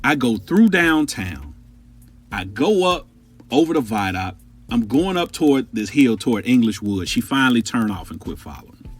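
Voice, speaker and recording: A man telling a wild personal story on his podcast, with a husky voice that swings up and down. He talks straight to his listeners, loose and profane. Faint music plays under him. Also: mid-range voice, moderate pace. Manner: animated, profane, conversational. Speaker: podcast host.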